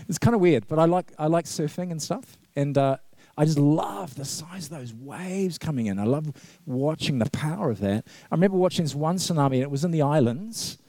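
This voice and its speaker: A man's voice: fairly high pitch, expressive, normal speed, warm tone, dry recording. A middle-aged man, a vicar, preaching a conversational sermon full of anecdotes, laughing often and acting out the quotes. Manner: chatty storyteller, laughs often, acts out quotes. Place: church.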